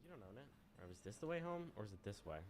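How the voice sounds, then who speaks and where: A man's voice: on the low side, big pitch swings, very fast, slight background noise. A young man streaming a game, commenting in a playful, teasing, mischievous way as he plays. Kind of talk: casual gameplay commentary.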